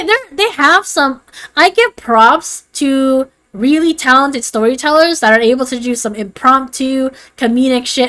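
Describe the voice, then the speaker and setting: On a livestream, a young female VTuber with a high voice chats in a rambling, animated way. She leans on filler words, swears freely, and keeps things loose and unscripted.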